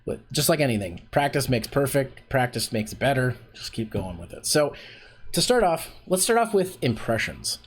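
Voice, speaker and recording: Lively-voiced man teaching on stream. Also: medium pitch, moderate pace. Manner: rambling, filler-heavy, restarts often. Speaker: voice acting workshop host. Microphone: desk streaming mic.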